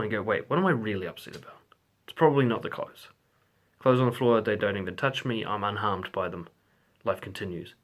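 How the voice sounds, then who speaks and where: A man's voice: mid-range voice, fairly bright tone. A man giving relationship advice to camera in a blunt, sweary way, acting out example lines. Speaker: relationship coach. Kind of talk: direct-to-camera advice vlog.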